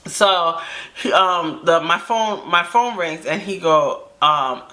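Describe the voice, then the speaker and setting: Speaking slowly in a fairly low voice, a woman shares a personal story on camera for her casual vlog. She stays animated throughout and plays out the dialogue she quotes, sitting indoors under camera lights.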